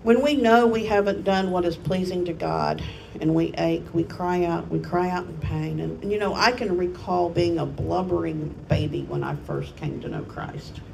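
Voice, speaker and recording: A woman family pastor preaches with an earnest, self-deprecating warmth, poking fun at her own failings. Her voice has a gravelly edge. She sounds set back from the mic, with faint background noise. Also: fairly low pitch, lively intonation, normal speed, distant mic, low-quality recording. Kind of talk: sermon.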